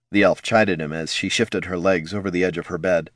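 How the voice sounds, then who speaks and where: A man narrating a fantasy story in a steady, expressive audiobook style. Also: sits low, fairly quick, hardly any pauses, dry recording, clean studio sound.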